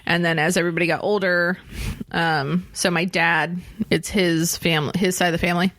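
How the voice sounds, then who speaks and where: A woman co-hosting a podcast in casual chat, telling a family story in a measured, thoughtful way. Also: fairly low pitch, little pitch movement, fairly bright tone. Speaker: podcast co-host.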